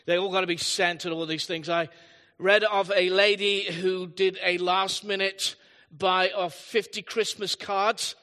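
A man's voice: high-pitched, flat delivery, unhurried, pushed and bright. A man preaching a live sermon as pastor, telling chatty stories with humorous asides in a church hall. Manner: chatty storytelling with asides and self-deprecating humor. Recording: long hall reverb.

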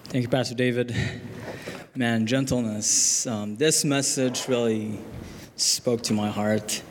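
A young man sharing a personal testimony in church, speaking earnestly and haltingly with fillers and restarts. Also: medium pitch, in a large hall.

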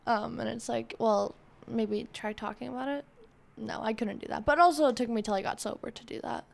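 A woman hosting a podcast in a casual chat, rambling and animated with many fillers. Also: a little high, brisk, creaky. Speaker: podcast host.

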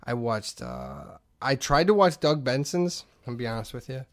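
A man's voice: mid-range voice, huge pitch swings, normal speed. A man co-hosting a casual comedy podcast, ranting animatedly and slipping into mocking voices. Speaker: podcast co-host.

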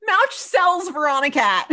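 This is a woman with a somewhat high-pitched voice co-hosting a casual podcast. She recaps TV episodes in an animated, laughing way, full of fillers like "like.". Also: slow. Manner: animated, laughing, lots of "like" and "so funny". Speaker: podcast co-host.

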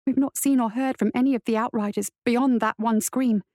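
A woman voicing a seasoned female caravan guard who speaks brisk and matter-of-fact. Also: fairly high pitch, steady tone, dark tone, dry recording, studio quality, natural voice.

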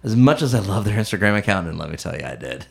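A man's voice: lowish voice, lively intonation, fast talker, vocal fry. A man co-hosting a casual beer podcast, talking with a sarcastic, joking edge. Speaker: podcast co-host, beer reviewer. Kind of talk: casual chat.

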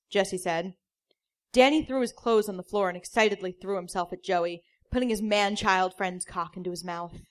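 A woman comedian reads a story aloud in a dry, deadpan way, with a middle-pitched voice. She sometimes breaks into laughter at her own lines. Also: normal speed. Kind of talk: comic reading of a story.

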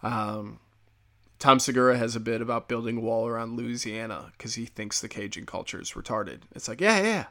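Gravelly man ranting with a foul mouth. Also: mid-range voice, expressive, normal speed, bright, forceful tone. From United States. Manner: profane, sarcastic, opinionated. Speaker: podcast host. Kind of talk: casual comedic rant.

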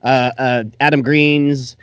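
A man's voice: mid-range voice, little pitch movement, slow pace, fairly bright tone, smooth, no room sound, dull audio. A man hosting a casual chat, enthusiastic and swearing casually. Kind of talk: casual conversation.

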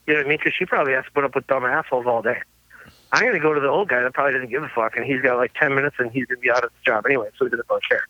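A man's voice: mid-range voice, racing, dry recording. Laughing man telling road stories. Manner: laughing, swearing, animated anecdotes. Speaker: guest musician. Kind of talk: casual storytelling. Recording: dull lo-fi sound, dry.

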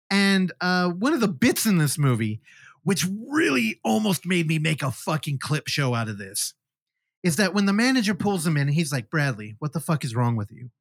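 Lively, expressive man retelling a film. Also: fairly high pitch, dry recording, studio quality. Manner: animated storyteller, swears freely. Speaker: podcast host. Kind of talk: casual film review chat.

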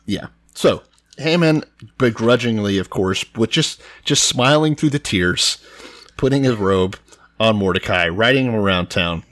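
A man's voice: fairly low pitch, expressive, measured pace, a bit bright, no echo. A man retelling a scripture story in casual, profane, joking chat, laughing often.

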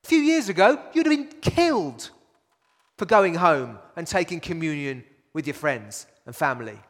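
A man's voice: on the high side, lively intonation, normal speed, fairly bright tone, long reverb tail. A man preaching a sermon to his congregation in a casual, conversational way, asking rhetorical questions and restarting phrases often. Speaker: pastor.

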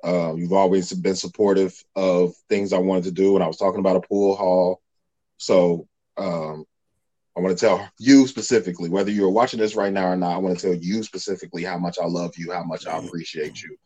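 Male podcast host, thirties, lowish voice, blunt and profane, casual talk. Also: fairly even intonation, a little fast, mellow, rough recording.

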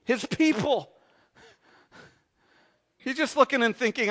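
A man preaching a sermon, swinging from hushed low lines to loud ones and asking the congregation questions. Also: lively intonation, normal speed. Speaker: pastor.

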